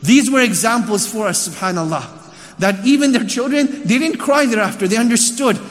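A man with a very high voice tells a sermon story in an animated, conversational way. His words carry a long hall reverb. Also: fairly quick. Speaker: preacher.

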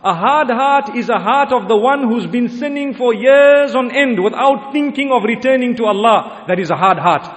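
A man's voice: very high-pitched, moderate pace, hardly any pauses. A man preaching a sermon in an earnest, exhorting way, rising for emphasis. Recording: long hall reverb.

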